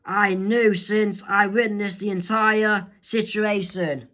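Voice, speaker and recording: A feisty teenage girl standing up to injustice, as a man reads her out. She speaks slowly and forcefully, a little higher than the narrator's usual voice. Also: fairly even intonation, exaggerated voice. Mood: indignant. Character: Sharon, feisty teen girl defending a stranger.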